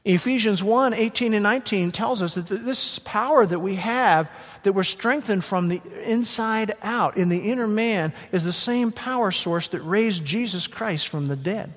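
A man preaching a sermon as pastor, emphatic, slowing down to stress key words. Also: high voice. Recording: long hall reverb.

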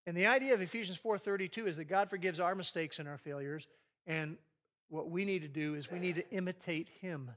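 A man's voice: high voice, fairly quick, fairly bright tone. A man preaching a sermon on marriage to a live audience, acting out quoted arguments with animation. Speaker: pastor leading a marriage session.

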